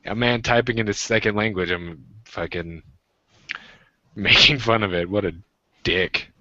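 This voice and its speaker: A man's voice: fairly low pitch, a little slow, pushed and bright, dry recording, muffled recording. Joking American man hosting a stream. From United States. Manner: joking, rambling, teasing. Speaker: livestream host. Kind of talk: casual group chat on a livestream.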